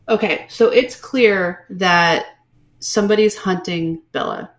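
Brief: sardonic woman co-host, lower-pitched voice, animated recap full of fillers and sarcasm. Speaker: podcast co-host. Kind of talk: casual book-review chat.

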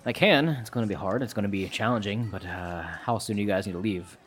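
A man playing a stern, wise human master monk, speaking in slow, measured pronouncements. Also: fairly low pitch, a bit bright, natural voice. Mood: solemn.

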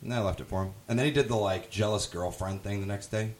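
A man's voice: fairly low pitch, fast talker, hardly any pauses. A young man, a podcast guest, telling rambling, profane stories in casual chat.

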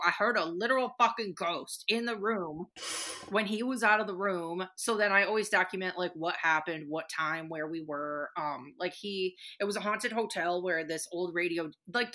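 A woman's voice: medium pitch, a little fast, pushed and bright. A woman guest on a podcast, talking casually with plenty of fillers and frequent swearing. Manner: chatty, swears freely, many fillers. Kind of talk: casual chat.

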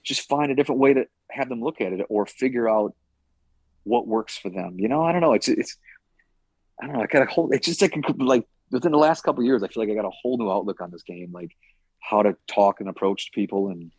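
A man's voice: fairly low pitch, fast, a little mellow, slightly rough, dry recording. A man who trains fighters, chatting casually on a podcast, rambling and swearing now and then with lots of "like" and "you know".

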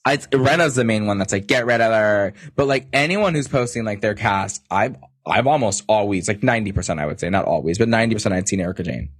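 A man co-hosting a podcast in a casual, animated and gossipy chat, full of jokes. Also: lowish voice, fast, breathy edge, no echo, studio quality. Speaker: podcast co-host.

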